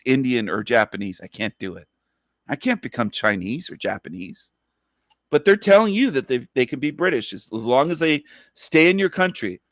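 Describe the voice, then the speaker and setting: A man's voice: medium pitch, a bit bright, dry recording. Man ranting on a dry livestream. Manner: emphatic, profane, repetitive ranting. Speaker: livestream host. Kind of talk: livestream commentary rant.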